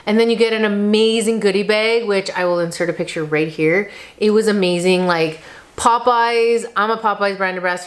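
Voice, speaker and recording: A woman in her thirties talking casually to the camera in a vlog, chatty and emotional, often saying "like". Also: mid-range voice. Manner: chatty, emotional, uses lots of "like". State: tearful, on the verge of crying. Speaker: vlogger.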